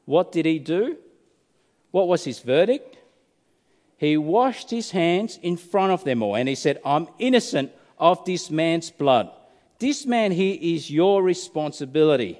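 A male preacher tells a story dramatically during his sermon, asking many rhetorical questions. His voice is a little high with a darkish tone, recorded in a reverberant hall.

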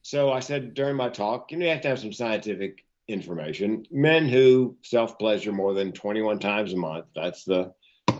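A man's voice: lowish voice, expressive, moderate pace, darkish tone. A man in his fifties, a comedian and keynote speaker, telling stories and punchlines in casual podcast chat with a self-deprecating manner. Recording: dull lo-fi audio.

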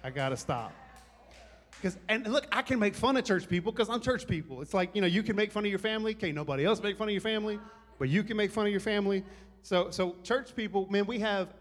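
A pastor delivers his sermon in a loose, conversational way, joking with the congregation as he goes. His voice sits a little high for a man. The sound carries the long reverb of a large hall.

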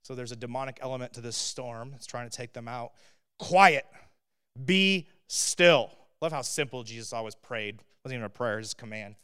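A man preaching a sermon in a conversational way, with rhetorical questions and swings from loud emphatic bursts to quiet asides. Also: mid-range voice, flat delivery, fast talker, few pauses, clean tone. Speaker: pastor.

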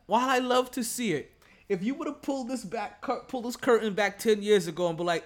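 High-voiced casual sports podcast host. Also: male voice, a little fast. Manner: loose, profane and chatty.

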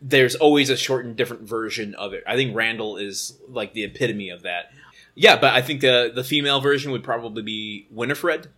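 A man's voice: medium pitch, a little fast, bright, forceful tone, slightly rough. A man co-hosting a podcast in a casual chat, recapping episodes with chatty asides. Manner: chatty, recaps episodes with fillers and acted quotes. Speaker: podcast co-host.

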